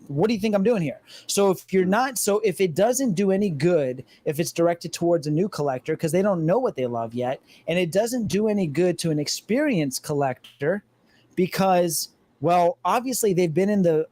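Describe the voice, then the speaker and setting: A man's voice: fairly high pitch, a little mellow. Emphatic, swearing man on a podcast. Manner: emphatic, argumentative, swears freely. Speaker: podcast co-host. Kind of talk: casual podcast chat.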